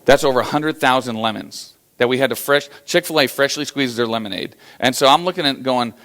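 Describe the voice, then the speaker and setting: Speaking a little fast in a mid-range voice, an American man gives a storytelling keynote on business motivation. His delivery is animated, full of fillers, and he acts out the quotes.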